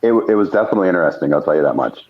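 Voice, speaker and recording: A man with a very deep voice chats easily as a guest on a podcast. He talks in a relaxed, rambling way. His audio is dull and lo-fi, like a call line. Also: racing, husky. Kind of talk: casual chat.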